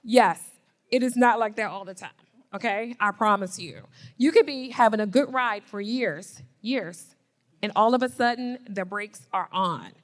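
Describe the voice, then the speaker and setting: A woman's voice: mid-range voice, a little slow. A woman speaking frankly and directly as a panelist on stage. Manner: frank, direct, "real talk". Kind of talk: candid panel talk.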